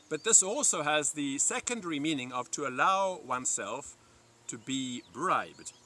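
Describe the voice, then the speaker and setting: A man teaching a Latin vocabulary lesson from a dictionary, repeating each Latin word slowly and clearly for learners, recorded by a roadside. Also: on the high side, big pitch swings, sharp tone. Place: parked by a roadside in a river valley, outdoors or in a vehicle.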